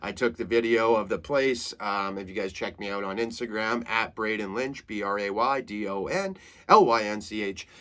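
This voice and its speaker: A man in his thirties from Saskatchewan hosts a comedy podcast. He tells stories in a casual, animated way, laughs at his own jokes and swears freely. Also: on the low side, moderate pace, hardly any pauses. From Saskatchewan, Canada. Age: 30s.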